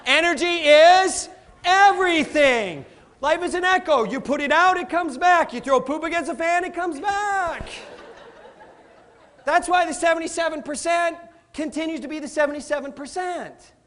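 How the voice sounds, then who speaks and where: A middle-aged man giving a live motivational talk, energetic and playful, quizzing the audience and laughing often. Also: extremely high pitch, moderate pace. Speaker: motivational speaker.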